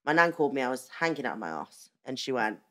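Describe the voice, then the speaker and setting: A woman guesting on a podcast, with a deep, low-pitched voice. She tells a story in a lively, animated way, with plenty of restarts, in a casual chat. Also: fast talker.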